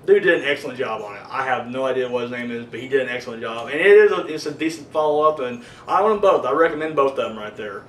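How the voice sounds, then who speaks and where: Reviewing a horror movie in a loose, rambling way, this man curses freely and fills his talk with fillers. His mid-range voice has lively intonation and a quick pace with hardly any pauses; there's a little hiss or hum, an echoey room, and some distance from the mic.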